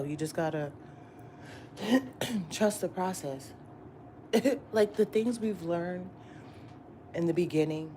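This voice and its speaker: Slangy, profane woman with a low voice. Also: warm tone, slight background noise. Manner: slangy, profane and talks straight to her viewers; repetitive and emphatic, often asking "you get what I'm saying?". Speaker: tarot reader and vlogger. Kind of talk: casual morning pep talk.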